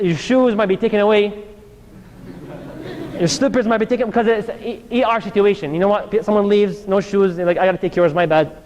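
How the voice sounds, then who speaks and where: A man's voice: very high-pitched, muffled recording. A man giving a casual, joking sermon straight to a live crowd in a hall. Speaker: Islamic lecturer. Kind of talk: lively sermon to a live audience. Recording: long hall reverb.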